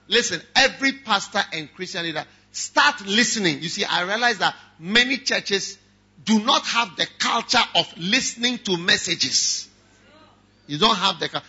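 A man preaching a sermon as pastor, moving from quiet talk to shouting, and mocking critics in whiny voices. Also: high voice, husky. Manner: mocks objectors in whiny voices. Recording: dull lo-fi sound.

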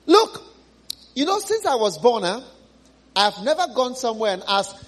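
A man's voice: extremely high pitch, sing-song, moderate pace, a bit bright, husky. A man preaching a sermon in a church, retelling a story with dramatic exclamations.

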